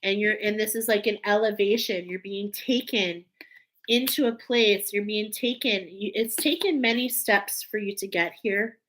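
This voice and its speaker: A woman's voice: medium pitch, moderate pace, fairly bright tone, rough recording. A woman giving an emotional, earnest spiritual oracle card reading, teary at times.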